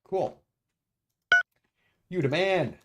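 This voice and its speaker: A man streaming a strategy game, muttering his moves to himself and often pausing with uhs. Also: high-pitched, heavy background noise. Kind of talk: casual let's-play commentary.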